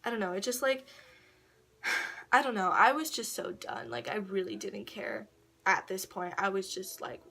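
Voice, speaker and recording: A woman's voice: mid-range voice, sing-song, moderate pace, vocal fry, bright, forceful tone. A woman vlogging at home, casually telling a personal story, full of slang, swearing and laughter.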